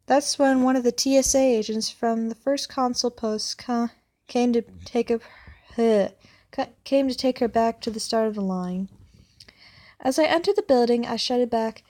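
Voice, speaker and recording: A young woman with a fairly high voice reads an online story aloud. She often trips over words and goes back to correct herself as she reads. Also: normal speed, a little mellow. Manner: stumbles and corrects herself while reading. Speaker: story reader. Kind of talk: reading online stories aloud.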